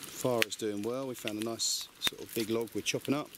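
A man's voice: medium pitch, fairly even intonation, fairly quick. A man chatting to camera at a rainy woodland camp at night, upbeat and self-mocking as he cooks over a fire. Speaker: vlogger. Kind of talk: casual chat to camera. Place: woodland campsite outdoors in rain at night. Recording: loud rain and crackling outdoors.

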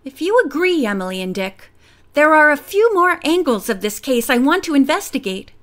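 A woman reading the part of a determined young female detective in an audiobook, firm and calm. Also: sits high, normal speed.

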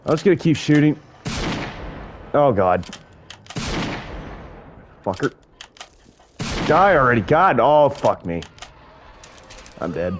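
A man giving live gameplay commentary, muttering and swearing to himself, with loud frustrated outbursts. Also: on the high side, big pitch swings, a little slow, long pauses. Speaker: gaming video host.

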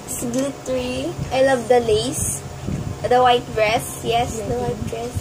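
A woman's voice: fairly high pitch, little pitch movement, measured pace, rough recording. A woman gushing in a music reaction vlog, mixing English with Tagalog exclamations. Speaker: reaction video host.

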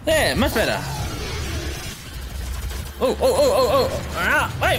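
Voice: medium pitch, sing-song, slow pace, pauses often. A gamer giving let's play commentary, joking, swearing freely and talking back at the enemies on screen. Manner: joking, talks to the enemies and the game. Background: game music.

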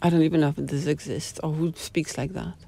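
A woman talks in a loose, rambling way, piling up dramatic groans of disgust. Her voice sits low and mellow, with a gravelly rasp. It has the feel of a casual host's monologue. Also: steady tone, brisk. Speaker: host.

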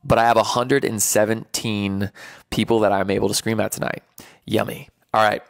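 A man's voice: lowish voice, level tone, moderate pace, gravelly, no room sound, clean studio sound. A man hosting a live stream, joking with viewers, then hyping them up like a playful drill sergeant and counting out numbers. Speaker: livestream host.

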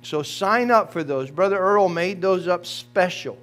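A man preaching to his congregation in a folksy, direct way. His voice sits a little high. A low mains hum runs underneath the recording. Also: measured pace, a bit bright, faint music behind. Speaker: pastor. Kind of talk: sermon.

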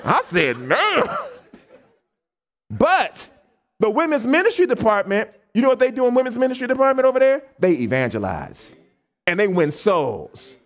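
A man's voice: extremely high pitch, fairly quick. A man from the United States preaching a camp meeting sermon, asking the congregation questions and acting out the people he quotes. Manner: animated, call-and-response questions to the congregation; acts out quoted people in changed voices.

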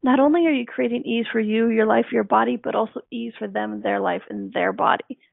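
A woman's voice: on the high side, fairly even intonation, a little fast, vocal fry, no room sound. A woman hosting a self-help radio show, talking in an earnest, coaching way and repeating her key phrases. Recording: dry tinny phone-like line.

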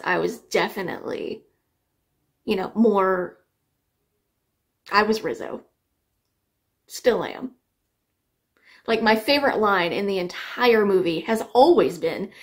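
A young adult woman with a dry, sarcastic manner, telling rambling stories to camera with lots of fillers while sniffly from allergies. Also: mid-range voice. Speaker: singer reacting to songs. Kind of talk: casual storytelling to camera.

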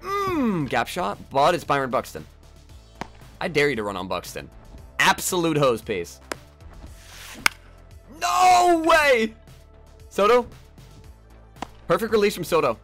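A young man giving live, trash-talking commentary on his own baseball video game, jumping between low mutters and sudden yells. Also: wildly swooping pitch, moderate pace, music in the background. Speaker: gaming YouTuber.

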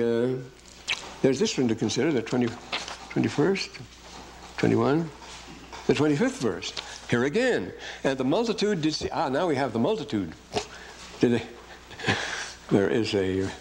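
Male lecturer, scripture class: reads verses aloud with emphasis, rambles, fumbles and corrects himself, average pitch. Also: a little mellow, a little hiss or hum.

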